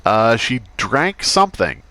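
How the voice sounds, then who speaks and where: A man's voice: mid-range voice, big pitch swings, a little slow, sharp tone. A man streaming a crime roleplay game as a doctor character, chatting in character with a dry, sarcastic manner.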